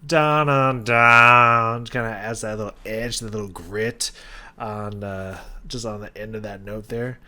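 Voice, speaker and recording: A man's voice: on the low side, steady tone, moderate pace. A young man in casual chat, reacting to a song with enthusiasm, scatting rhythms and using lots of fillers. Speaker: music reaction host. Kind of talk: casual music analysis.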